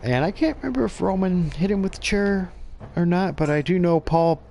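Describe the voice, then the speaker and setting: A man's voice: high-pitched, animated, normal speed, vocal fry, dark tone, lo-fi sound, slight background noise. A man giving casual gameplay commentary for his channel, rambling and profane, often chuckling. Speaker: gaming channel host.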